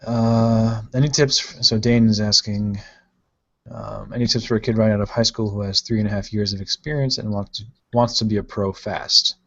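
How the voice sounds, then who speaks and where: A man's voice: on the low side, flat delivery, normal speed, creaky. Casual man reading live chat. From Ohio. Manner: rambling, playful, reads out viewer comments. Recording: dull lo-fi stream audio.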